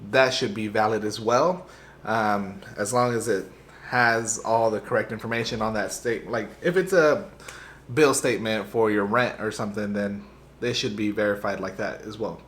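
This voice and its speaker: Young man, vlogger, casual storytelling to camera, rambling and animated, middle pitch. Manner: rambling, animated retelling with many fillers and restarts.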